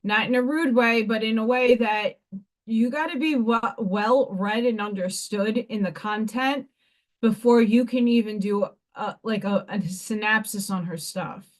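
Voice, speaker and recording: A woman's voice: on the high side, a little slow. A woman hosting a casual live craft stream from home, chatting and rambling to herself as she works. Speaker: livestream host.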